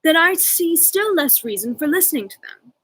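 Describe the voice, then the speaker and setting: A woman voicing an indignant young gentleman who blusters and speaks explosively. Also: sits high, sing-song, normal speed, pitched above the performer's own voice, low-quality recording.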